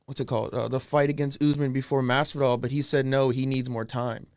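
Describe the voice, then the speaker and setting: A man's voice: mid-range voice, flat delivery, brisk, a little mellow, dry recording, studio quality. A man co-hosting a sports podcast, chatting casually and rambling through stats with many restarts. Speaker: podcast co-host. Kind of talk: casual chat.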